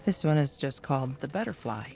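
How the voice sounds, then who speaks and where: An older woman gently reading children's poems aloud at bedtime, soft-spoken and calm. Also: extremely low pitch, brisk, creaky, a little hiss or hum. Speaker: storyteller.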